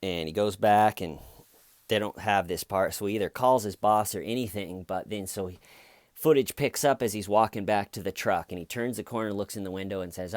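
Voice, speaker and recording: A man hosting comedic true crime commentary, an animated storyteller who acts out the quotes. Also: fairly low pitch, fairly quick, no echo. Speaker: channel host.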